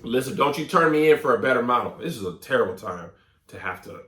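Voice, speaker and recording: A man hosting a comedic advice show, reading listener letters aloud and reacting in a mock-serious, animated way. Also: mid-range voice, fast talker, echoey room. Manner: animated, mock-serious, coughing fits as a bit.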